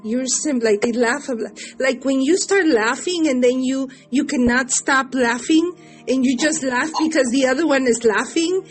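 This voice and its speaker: A woman interviewing guests, speaking warmly with giggles and pausing to search for words. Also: high voice, faint music behind. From Mexico. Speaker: interview host. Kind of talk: casual interview chat.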